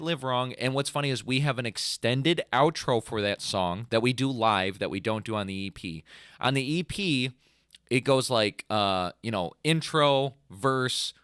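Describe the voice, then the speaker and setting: A man's voice: mid-range voice, clean tone, no room sound. Young male co-host with a mid-range voice and a dry sound, rambling in casual chat and humming riffs as he talks. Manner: rambling and animated, full of "like", mimics riffs with "bum" and "dun" sounds. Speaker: podcast co-host and band singer.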